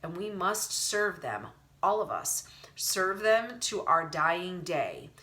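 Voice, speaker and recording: A woman's voice: big pitch swings, sharp tone, heavily acted. A woman voicing a sly, hissing vampire trickster. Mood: dark. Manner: slow, low, hissing chant. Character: menacing male vampire-like trickster, sly and coaxing.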